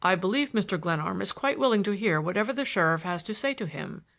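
A woman reading an audiobook, voicing a quiet, supportive man in a soft, low-key way. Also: expressive, quick pace, creaky.

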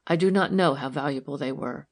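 Woman voicing a fearful, hushed wife. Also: low voice, fairly quick. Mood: anxious. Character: anxious, guarded wealthy wife. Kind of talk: audiobook character reading.

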